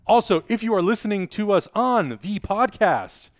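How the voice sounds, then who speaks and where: A man hosting a casual podcast chat, talking quickly and energetically as he plugs the show. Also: high voice, no room sound, studio quality. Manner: fast, energetic plugging. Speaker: podcast host.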